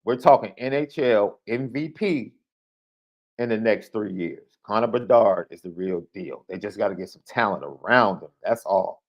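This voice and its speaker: A man hosting a live sports podcast, chatting casually and reading out viewer predictions with excited jumps in his voice. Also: moderate pace. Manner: animated, excitable, jumps in pitch. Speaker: podcast host.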